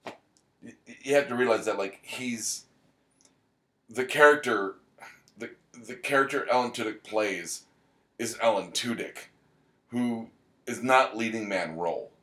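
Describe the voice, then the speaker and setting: Explaining a show to his co-host, a lowish-voiced man jokes, rambles and wanders onto brief tangents in a casual podcast conversation. His tone is fairly bright, and the recording sounds roomy.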